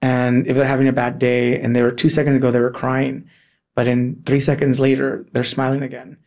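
A man from California spins a childhood story in relaxed, animated conversation. His voice has a gravelly edge, and he keeps acting out the people in his tale, dropping in Spanish words along the way. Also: mid-range voice, a little fast. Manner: animated, acts out voices in his anecdotes, many "like" fillers; drops in Spanish words and phrases.

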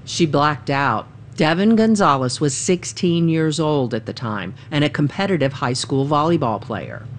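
A woman reporting a news story in a measured, even narration. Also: low voice.

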